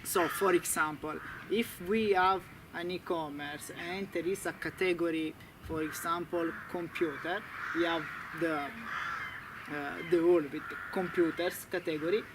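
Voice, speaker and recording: Man, Italian accent, non-native English, halting, slow-paced, noisy background. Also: a little high, fairly even intonation. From Italy. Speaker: guest. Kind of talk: casual interview.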